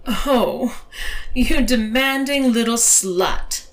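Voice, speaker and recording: A woman voicing a calm, commanding, teasing dominatrix in an erotic audio story, her voice often lifted higher. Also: measured pace, close to an everyday voice, rough recording.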